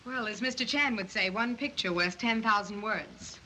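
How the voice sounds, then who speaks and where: A woman's voice: medium pitch, normal speed, pushed and bright, slight background noise, close to an everyday voice, rough recording. A woman playing a sassy, wisecracking young press photographer in a 1930s film.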